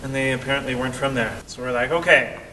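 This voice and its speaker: A young man telling a story in an animated way, acting out the voices of the people in it. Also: very fast. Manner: animated, acts out quoted voices. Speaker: vlogger. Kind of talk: storytelling vlog. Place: cave. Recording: echoey cave, distant mic, faint rumble.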